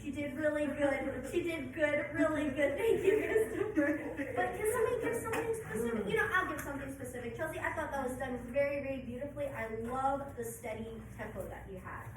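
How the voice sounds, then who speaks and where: Band teacher: high, encouraging woman, heard from across an echoey, noisy classroom. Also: a little fast, few pauses. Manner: upbeat, encouraging, counts students in. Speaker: middle school band teacher. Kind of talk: leading a band rehearsal. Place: school band room. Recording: echoey room from far off, noisy.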